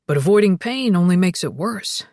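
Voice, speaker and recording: A woman voicing a calm, pragmatic male ghost in an audiobook. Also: lowish voice, normal speed, no room sound, clean studio sound.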